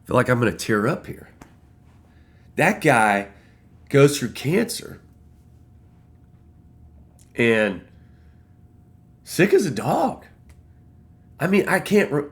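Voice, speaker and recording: A man casually telling a personal story to camera, emotional and excitable, swearing freely. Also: medium pitch. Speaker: vlogger.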